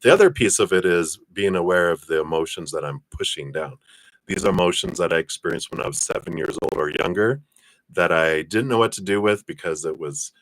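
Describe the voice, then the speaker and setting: A man giving a live-streamed card reading, chatting to viewers by name and passing on messages in a drawn-out, hesitant way. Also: deep voice, no room sound. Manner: chatty, reads viewer names and passes on spirit messages. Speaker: tarot reader.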